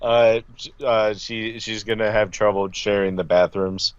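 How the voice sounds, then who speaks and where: A man's voice: on the low side, fairly even intonation, a little slow, smooth, no room sound. Dry-joking man on a dull mic. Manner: dry joking, reads contestant profiles. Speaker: podcast co-host. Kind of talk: casual recap chat.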